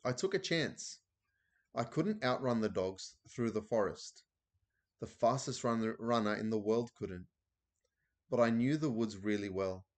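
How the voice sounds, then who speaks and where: A man's voice: on the low side, lively intonation, measured pace. A man reading aloud as an elderly grandmother who tells a thrilling adventure story breathlessly.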